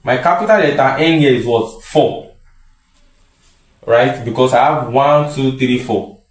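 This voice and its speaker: A man's voice: medium pitch, a little slow. A man teaching statistics in a lecture style, repeating key phrases and answering his own questions. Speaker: statistics tutor. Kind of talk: classroom lecture. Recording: echoey room.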